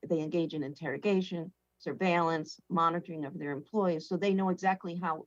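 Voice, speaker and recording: A professor testifies earnestly at a hearing in a lowish woman's voice, often restarting her sentences. The sound is dry and close, with a slightly dull, muffled tone. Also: dry recording. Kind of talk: congressional testimony.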